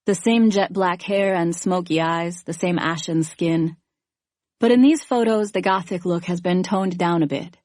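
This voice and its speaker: A woman with a lowish voice narrates a first-person thriller audiobook, measured and even. The recording is dry with clean studio sound.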